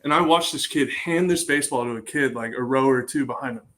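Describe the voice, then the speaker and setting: A young man in a relaxed podcast conversation, spinning lively stories at an easy pace. His voice sits in an ordinary middle pitch, and he often trails off and picks his sentences back up as he goes. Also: fast, poor audio. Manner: lively storytelling, trailing off and restarting. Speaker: guest, bullpen catcher. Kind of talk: casual podcast chat.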